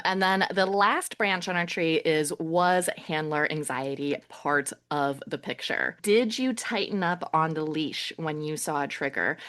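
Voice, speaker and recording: A woman's voice: deep voice, a bit bright. A woman co-hosting a podcast about dog training, walking through steps in a methodical, explanatory way. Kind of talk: casual podcast chat.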